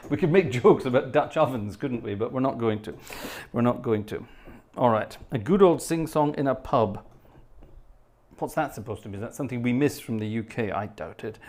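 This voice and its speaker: A middle-aged British man at a medium pitch, hosting a casual live stream. He reads out viewer questions and answers them in a wry, joking way, with plenty of chatty asides. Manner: chatty and wry, reads comments aloud then jokes back. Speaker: livestream host and organist.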